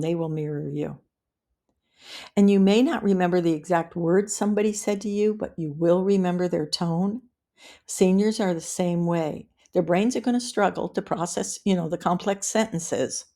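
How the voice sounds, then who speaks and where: Middle-aged woman teaching caregivers, calm and practical, bit of vocal fry. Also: on the low side. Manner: calm, practical, repeats key phrases for emphasis. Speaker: webinar presenter on caregiving. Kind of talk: instructional webinar talk.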